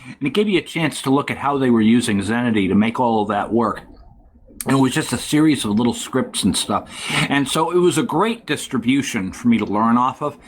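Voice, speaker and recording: A man hosting a casual tech talk show, rambling and halting with many fillers. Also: medium pitch, lively intonation, a little hiss or hum. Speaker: podcast host.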